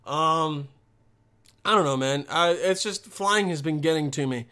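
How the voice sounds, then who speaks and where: A man's voice: on the high side, a little slow. Profane young man ranting in a vlog. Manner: profane, rambling, animated ranting. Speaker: vlogger. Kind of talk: casual vlog rant.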